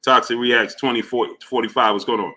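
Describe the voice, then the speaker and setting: A man runs a casual boxing talk stream and greets his regulars one after another. His voice is bright and forward at a middling pitch. His delivery is loose and full of slang, with the same friendly greeting over and over. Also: steady tone, normal speed. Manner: loose, repetitive shout-outs in a friendly drawl, slips into slang. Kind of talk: casual live-stream chat, reading out viewer names.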